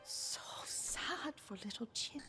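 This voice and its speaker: An actress voicing a frail, dying elderly woman who remembers the past in a tender, breathy whisper. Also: natural voice. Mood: tender, wistful. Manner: slow, wistful, tender remembering. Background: game music.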